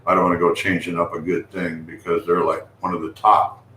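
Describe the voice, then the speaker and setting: A man's voice: deep voice, flat delivery, a little fast, pushed and bright. A man hosting a casual live stream, rambling with restarts and calling out to viewers. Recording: echoey room with faint noise.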